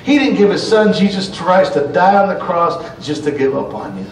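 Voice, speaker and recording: A middle-aged man preaches in a folksy storytelling way, his fairly high voice rising loud and dropping to a hush. He sounds set back from the microphone, and the church room around him is echoey. A faint rumble runs underneath. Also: big pitch swings, normal speed, recorded from a distance. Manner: folksy storytelling, swings between loud and hushed. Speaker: pastor. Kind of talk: sermon. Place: church sanctuary.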